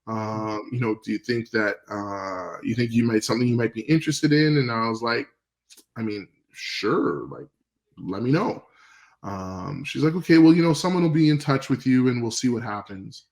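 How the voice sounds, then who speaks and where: A man from Canada tells stories on a podcast, a bit gravelly, at a middling pitch. He rambles in a relaxed way with plenty of fillers and restarts, and he acts out old phone calls as he goes. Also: normal speed, poor audio. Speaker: podcast guest. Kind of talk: casual storytelling interview.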